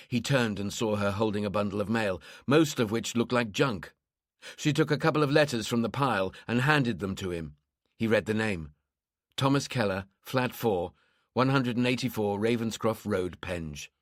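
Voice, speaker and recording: A man reading a crime thriller audiobook in a steady, measured narration. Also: fairly low pitch, no echo, studio quality.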